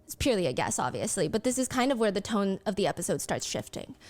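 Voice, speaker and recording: A woman's voice: mid-range voice, fast. A woman telling a true story in a conversational narration, explaining context and acting out the quoted lines. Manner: acts out quotes in lively voices; explains cultural context to viewers.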